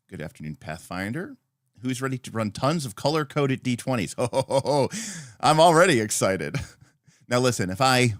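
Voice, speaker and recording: A man's voice: on the low side, fairly bright tone, no room sound, studio quality. A man hosting a casual livestream, chatty and rambling as he greets viewers by name. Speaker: livestream host.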